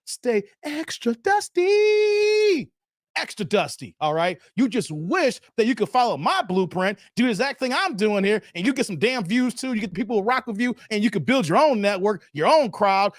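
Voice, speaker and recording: A man's voice: high voice, fairly bright tone, no echo, studio quality. A man hosting a casual live stream, chatting loosely with viewers, answering their comments and often tossing in "man". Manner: brash and defiant toward critics.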